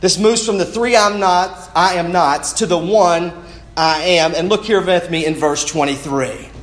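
A man's voice: high-pitched, a little slow, fairly bright tone. A man preaching a sermon in an earnest way, often restarting words as he goes. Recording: roomy echo.

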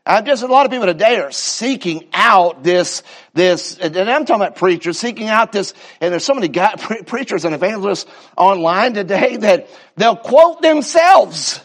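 A man's voice: high-pitched, animated. A man preaching a sermon with fervor, drawing out his repetitions and stumbling into restarts. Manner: fervent preaching, slow drawn-out repetitions, stammering restarts.

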